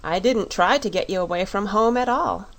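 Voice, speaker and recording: A woman's voice: medium pitch, moderate pace, fairly bright tone, natural voice. Storybook wandering man, kindly, reassuring, earnest, read by a woman.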